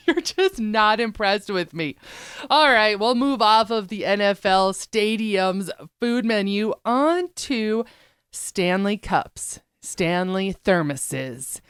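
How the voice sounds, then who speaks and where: A woman co-hosting a talk show, chatty and upbeat as she reads out food news. Her voice is smooth and resonant. The sound is dry and close. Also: medium pitch, slow, a bit bright, no room sound. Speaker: co-host. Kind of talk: casual show chat.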